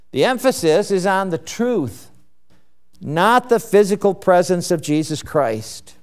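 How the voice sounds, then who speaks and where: A man's voice: high-pitched, darkish tone, smooth. A man preaching an expository sermon, reading scripture and explaining it with rhetorical questions.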